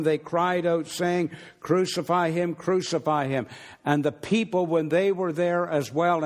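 A man preaching a sermon, reading verses aloud and driving points home with deliberate repetition. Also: fairly high pitch, in a large hall. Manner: slow, deliberate Bible exposition with emphatic repetition.

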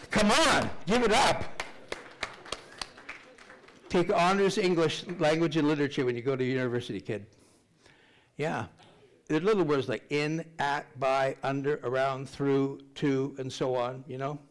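An older man preaching a sermon to his congregation in a conversational, joking way. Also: mid-range voice. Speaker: pastor.

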